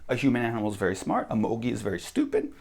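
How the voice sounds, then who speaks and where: A man's voice: medium pitch, wildly swooping pitch, racing, vocal fry, a little mellow. An American man giving a blunt, profane opinion monologue as a vlogger. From United States.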